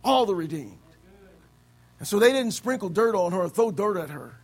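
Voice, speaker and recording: A man from the States preaching a sermon as pastor, swinging between loud exclamations and low, quiet stretches. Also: sing-song, moderate pace. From United States.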